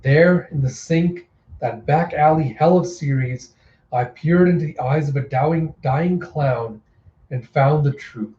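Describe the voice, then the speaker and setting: A man's voice: on the high side, slow, dark tone, a little hiss or hum. A man doing a manic taunting clown killer. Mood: brooding. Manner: giddy, taunting, raised voice. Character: manic male clown killer, mocking and theatrical. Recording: echoey room, dull lo-fi sound.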